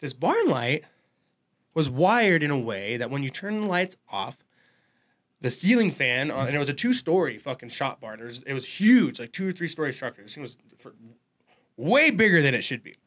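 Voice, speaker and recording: A man telling a wild story in casual chat, profane and animated, swearing freely. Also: fairly high pitch, normal speed. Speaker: podcast guest.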